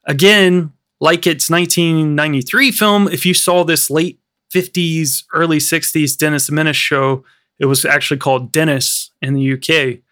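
A man's voice: on the high side, fairly even intonation, normal speed, bright, forceful tone. A man co-hosting a film podcast, recounting film history in a rambling way with many fillers. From United States. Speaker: podcast co-host. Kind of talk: casual film podcast chat.

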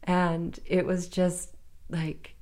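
Woman, thirties, podcast guest, earnest, halting, nervous laughs, lowish voice. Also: level tone, a little mellow. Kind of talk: emotional personal storytelling.

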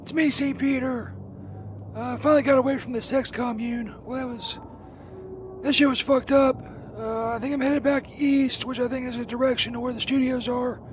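A man's voice: very high voice, fairly even intonation, moderate pace, pitched above the performer's own voice. A man voicing a foul-mouthed, frantic Saint Peter, rambling and swearing as he leaves a voicemail from a street phone booth. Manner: profane, rambling, shouting at a stranger. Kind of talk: comedy phone bit. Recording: muffled phone voicemail with faint street noise.

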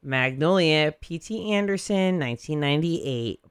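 A man hosting a radio show, teasing his guest with crude, quick-fire banter. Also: on the high side, animated, clean tone, no room sound, clean studio sound. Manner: crude, teasing, rapid tangents. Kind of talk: casual banter.

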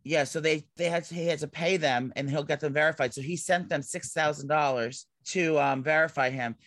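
A man's voice: on the high side, fairly quick, fairly bright tone, dry recording. A man co-hosting a podcast in casual chat, rambling with lots of fillers and restarts. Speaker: podcast co-host.

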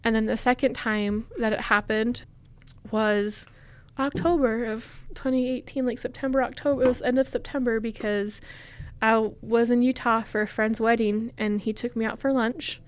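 As a guest on an interview podcast, a young woman shares a personal story candidly and haltingly, dropping plenty of "like" and "um." Her voice is fairly high, steady and smooth.

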